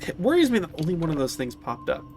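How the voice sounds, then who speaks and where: A man with a high, bouncy voice chatters away to his chat while playing a game on stream. He is excitable and swears freely, with a faint hiss of noise under the mic. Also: quick pace. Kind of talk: casual live-stream chat while gaming.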